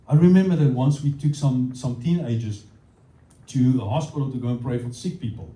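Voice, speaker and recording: Man, Afrikaans South African accent, pastor's sermon, storytelling, very dark mellow tone, echoey church hall. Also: medium pitch, brisk. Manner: storytelling, switching between English and Afrikaans. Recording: roomy hall, distant mic.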